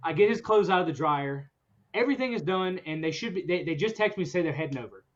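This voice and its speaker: A man hosting a podcast, telling a story in a casual chat, animated and often laughing as he goes. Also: fairly high pitch, quick pace. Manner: animated, laughs through his own story. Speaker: podcast host. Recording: dull lo-fi recording.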